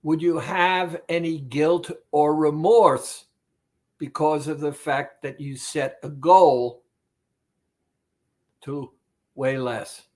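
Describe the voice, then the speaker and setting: Male therapist, fairly high voice, slow and emphatic, motivational talk straight to the listener. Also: steady tone, a little mellow. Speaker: weight-loss therapist.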